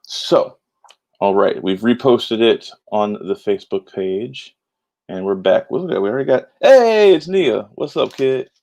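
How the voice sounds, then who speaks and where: Gravelly upbeat male trivia host. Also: fairly low pitch, measured pace, darkish tone. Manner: chatty, upbeat, announcer-style hype with many fillers. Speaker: trivia game show host. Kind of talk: casual livestream hosting.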